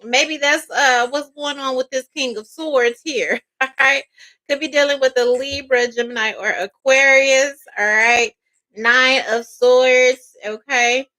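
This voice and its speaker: A woman's voice: high voice, fairly even intonation, a little slow, sharp tone, poor audio. A woman giving a casual tarot reading as a psychic, chatty and peppered with "all right" and "okay".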